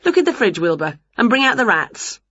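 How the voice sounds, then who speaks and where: A woman voicing a scatty, cheerful female witch in a picture-book reading, talking in an excited, drawn-out, playful way. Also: a little high, breathy edge, no room sound, muffled recording, voice pushed up, heavily acted. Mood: bustling.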